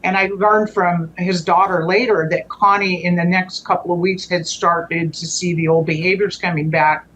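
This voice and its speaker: A woman's voice: lowish voice, steady tone, normal speed, few pauses, fairly bright tone, muffled recording, a little hiss or hum. A woman guest telling a personal story in a conversational way. She often stops and restarts her sentences and lets phrases trail off.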